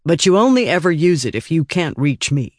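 A man's voice: on the high side, sing-song, brisk, no room sound, clean studio sound. A man reading an audiobook, voicing a weary, cynical middle-aged intelligence boss who is sardonic and swears freely. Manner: sardonic and exasperated, with crude language.

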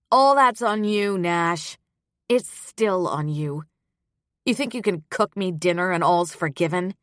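A guarded, bitter woman, read by a female narrator, speaks low and slow in a heavy voice, her words tight with old anger. The recording is dry and close. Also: no echo.

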